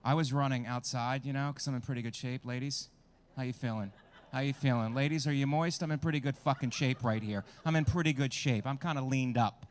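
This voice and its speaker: A man's voice: mid-range voice, brisk. A man performing a stand-up comedy set with crude, self-mocking crowd work, at a small outdoor show.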